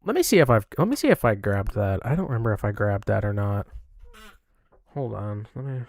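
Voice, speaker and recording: A man's voice: on the low side, very animated, brisk, a little mellow, dry recording. A man giving reaction commentary, mocking and profane, talking over clips he plays. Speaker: commentary streamer.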